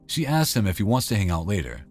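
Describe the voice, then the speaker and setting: A man's voice: fairly low pitch, sing-song, quick pace, over music. A man giving wry, conversational scripted narration.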